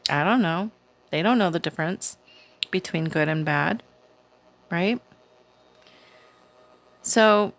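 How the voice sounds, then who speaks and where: A woman hosting her own channel, giving a casual, chatty spiritual card reading to camera in a slow, soothing way. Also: lowish voice. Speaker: tarot reader, channel host.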